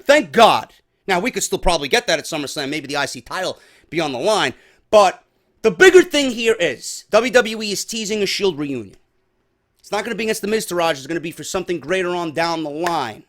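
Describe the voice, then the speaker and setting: A man's voice: sits high, lively intonation, a little fast, a bit bright. A man giving a casual, opinionated wrestling recap, swearing freely and hammering his points home. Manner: profane, opinionated, emphatic. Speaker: wrestling commentator.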